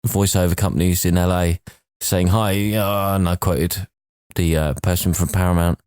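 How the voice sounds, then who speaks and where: A man's voice: low-pitched, level tone, moderate pace, darkish tone, smooth, no room sound, clean studio sound. A man, a podcast co-host and impressionist, chatting casually and rambling through an anecdote between laughs. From England. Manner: chatty, rambling storyteller who laughs along. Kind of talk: casual chat, telling an anecdote.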